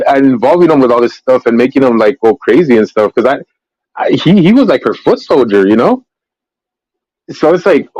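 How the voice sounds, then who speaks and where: A man's voice: mid-range voice, a little mellow, no echo, lo-fi sound. A man hosting a casual livestream, chatting in a rambling way about true-crime cases with many fillers and restarts. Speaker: livestream host.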